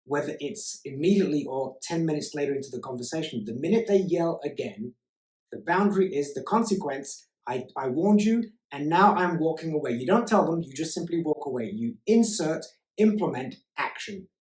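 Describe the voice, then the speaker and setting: A male life coach gives a motivational self-help talk at a middle pitch. He is emphatic and hammers his points home by repeating key words. The sound is roomy, with a clear echo around him. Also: a little mellow.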